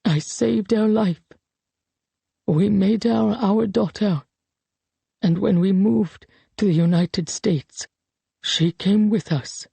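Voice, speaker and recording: A narrator voicing a guilt-ridden elderly man who pleads in a shaky, rasping, halting voice. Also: mid-range voice, mellow, dry recording, exaggerated voice. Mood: tearful.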